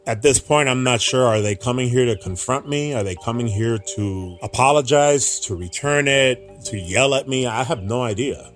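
A man telling his own story in an interview, earnest and halting, often restarting his sentences. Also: medium pitch, soft background music. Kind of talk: personal account in an interview.

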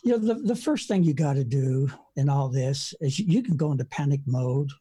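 Husky-voiced preacher in his seventies. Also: mid-range voice, lively intonation, a little fast, mellow. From United States. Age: 70s. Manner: folksy, rambling storyteller with frequent uh fillers. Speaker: evangelist preacher. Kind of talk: storytelling in an interview. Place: home front porch.

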